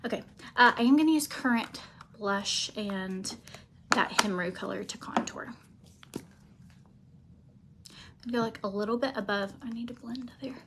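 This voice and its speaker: A woman chatting casually through a makeup routine, rambling with many fillers and pausing to talk to her cat. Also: medium pitch, noisy background. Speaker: beauty vlogger.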